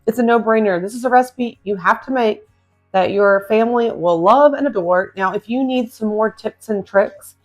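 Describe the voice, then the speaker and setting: A woman's voice: a little high, moderate pace. Cooking host, female, upbeat and chatty, speaks to her viewers at home, faint music underneath. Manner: chatty, enthusiastic, addresses viewers as guys. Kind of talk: casual cooking demonstration. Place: home kitchen.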